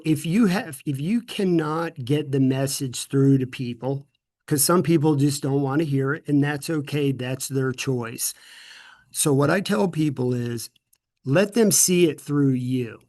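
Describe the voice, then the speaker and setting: Earnest middle-aged man with halting restarts. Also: mid-range voice, warm tone. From United States. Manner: earnest, repeats words and restarts often. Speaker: guest speaker. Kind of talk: conversational interview answers.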